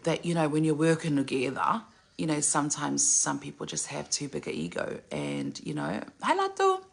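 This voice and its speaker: A middle-aged woman from Samoa chatting casually to camera, gushing and animated, jumping to high exclamations and dropping into whispered asides. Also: moderate pace, gravelly, breathy edge. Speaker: singer and entertainer vlogger.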